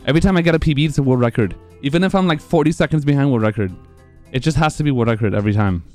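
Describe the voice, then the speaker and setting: A young man streaming live, excited and out of breath from laughing, swearing freely as he celebrates. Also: mid-range voice, very fast, faint music behind. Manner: excited, profane, laughing between lines. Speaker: speedrun streamer.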